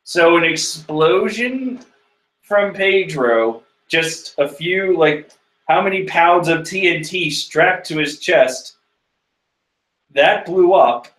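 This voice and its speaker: Host, male, relaxed manga commentary, slow and lively, jokey asides. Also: fairly high pitch. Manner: rambling, joking asides. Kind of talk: casual manga reading commentary. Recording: echoey room.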